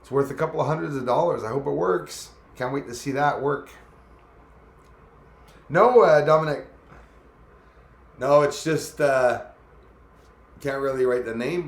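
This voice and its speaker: A man hosting a casual live stream, chatting loosely and greeting viewers by name as their comments come in. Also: medium pitch. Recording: echoey room.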